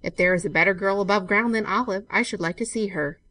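A woman doing a sly, sardonic gentleman cousin. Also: medium pitch, quick pace, no echo, lightly acted. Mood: teasing. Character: scheming young male gentleman cousin, sly and mocking. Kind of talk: audiobook reading.

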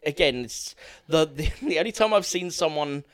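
A young man co-hosting a film podcast, talking in a rambling, halting way with many fillers. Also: a little high, expressive, dry recording, studio quality. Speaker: podcast co-host. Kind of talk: casual film chat.

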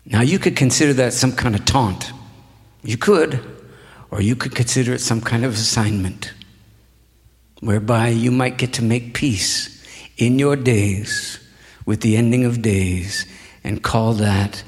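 A man telling a long story to a live audience in an unhurried, reflective, folksy way. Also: medium pitch, in a large hall. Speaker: spoken-word storyteller. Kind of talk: live spoken-word storytelling. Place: hall before an audience.

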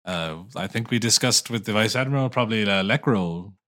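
A man playing a tabletop game, talking in a relaxed, joking way. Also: on the low side, a little fast. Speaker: player. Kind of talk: casual tabletop game play.

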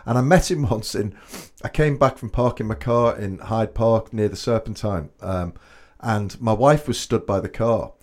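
A man co-hosting a casual podcast, with a fairly low voice. He tells anecdotes in a chatty, easygoing way. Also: normal speed, hardly any pauses, darkish tone. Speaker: podcast co-host. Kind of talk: casual chat.

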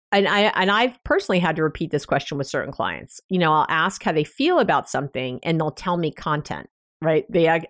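On her own podcast, a woman who works as a couples therapist talks through relationship advice, sharing anecdotes with small laughs and the occasional restart. Her voice sits on the low side, and the sound is dry and clean, studio style.

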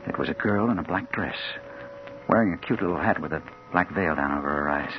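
An actor playing a hard-boiled crime reporter in a 1940s radio drama, narrating in a terse, urgent first-person voice. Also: male voice, low voice, fairly quick. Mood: brooding. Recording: old radio broadcast, dull with faint hiss.

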